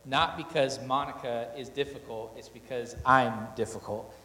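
A man's voice: mid-range voice, steady tone, normal speed, pushed and bright. Candid man in an echoey hall. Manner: candid, self-deprecating, quotes himself and his wife. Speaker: husband on stage in a couples talk. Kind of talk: storytelling talk to an audience.

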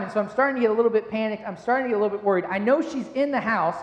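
A man's voice: high-pitched, rapid-fire, few pauses. A man in his thirties, a pastor giving a sermon in a conversational, self-deprecating storytelling way. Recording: echoey hall with long reverb.

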